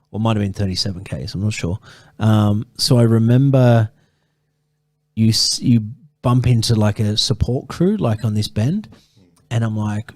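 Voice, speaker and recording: A man's voice: on the low side, darkish tone. A man telling a long running story in a casual interview, rambling and swearing, with many restarts. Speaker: ultrarunner guest.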